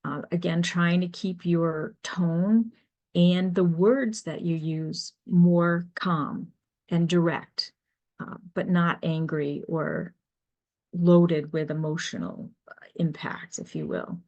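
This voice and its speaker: A middle-aged woman presents a business webinar as an HR consultant, speaking slowly in a somewhat low voice. Her delivery is measured and explanatory, with frequent fillers as she works through her points. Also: fairly even intonation, darkish tone, lo-fi sound.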